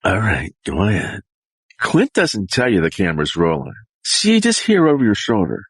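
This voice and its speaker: A man practicing character voices on his own, talking in a rambling, animated way. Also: on the low side, moderate pace, husky, dry recording.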